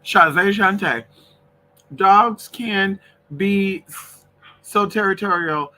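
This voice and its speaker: A man's voice: high voice, slow pace, pushed and bright, poor audio. A man chatting casually and playfully on a live stream, talking to his pets and his viewers. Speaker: vlogger doing a live stream.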